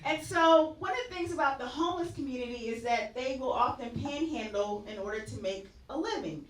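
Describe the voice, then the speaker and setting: A woman's voice: high-pitched, lively intonation, brisk, echoey room, distant mic, low-quality recording. A woman doing a stand-up comedy set on a club stage, chatty and laughing at her own punchlines.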